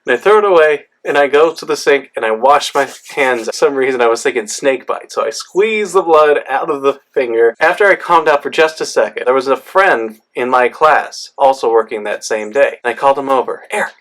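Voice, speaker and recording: A man's voice: mid-range voice, a little fast, hardly any pauses, fairly bright tone. Candid, self-deprecating man vlogging. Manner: candid, reflective, laughs easily at himself. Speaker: pharmacist vlogger. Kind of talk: candid storytelling monologue.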